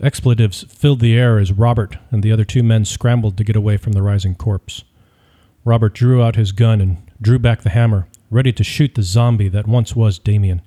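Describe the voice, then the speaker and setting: Low, mellow male audiobook narrator. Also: fairly even intonation, brisk. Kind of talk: scripted narration.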